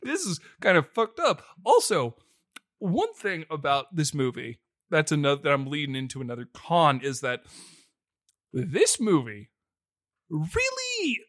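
Animated, swearing podcast host man. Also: fairly high pitch, measured pace, dry recording, studio quality. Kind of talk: casual movie-review chat.

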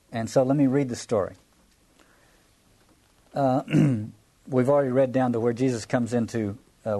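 A man giving a reflective lecture on a scripture passage, his voice mellow and dark at a middling pitch. He thinks aloud, stopping and restarting phrases and repeating words as he works through his points. The delivery is explanatory and unhurried. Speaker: Bible teacher.

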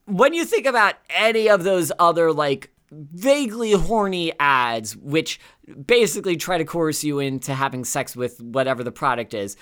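A woman co-hosting a podcast in casual chat, talking in a chatty, animated way with lots of fillers. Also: deep voice, moderate pace, smooth. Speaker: podcast co-host.

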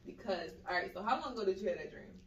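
Woman, casual slangy storytelling, lively quoted voices, echoey room, mic set back. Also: mid-range voice, fast talker, far from the mic, background noise.

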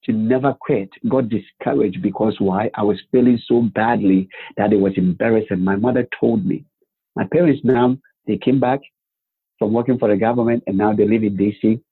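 A man telling his life story as a guest, animated, with rhetorical questions and acted-out quotes. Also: lowish voice, normal speed, slightly rough. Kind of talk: personal storytelling. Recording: phone-like narrow band.

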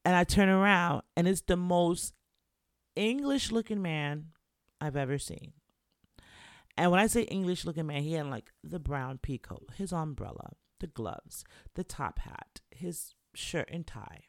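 A man's voice: on the high side, unhurried, no room sound, studio quality. A young American man who raps, telling a travel story casually and animatedly, with lots of filler words. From United States. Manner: animated, chatty, full of "like" and "you know".

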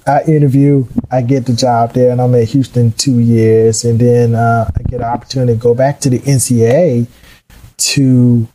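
A middle-aged man telling his career story in a casual, animated way, acting out the voices of people he quotes. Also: medium pitch, moderate pace, slight background noise, poor audio. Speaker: guest.

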